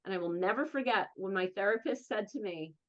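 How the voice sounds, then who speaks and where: The recording has its high end cut off, and the voice is a medium-pitched woman's with a New Jersey accent. Interviewed as an advocate, she relates her own experiences frankly and emphatically, sounding earnest and speaking in quick spurts.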